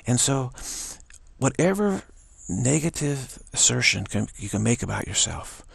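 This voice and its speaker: A man gives an earnest spiritual talk as a teacher. His voice is gravelly and a little husky, and it sounds dry and close. He speaks haltingly and often repeats his words. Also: mid-range voice, big pitch swings, no echo.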